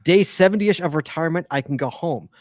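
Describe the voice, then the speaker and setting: A man's voice: on the high side, fast talker, a little mellow, no echo, studio quality. A man co-hosting a casual podcast, chatty and teasing as he reads listener emails aloud. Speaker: podcast co-host.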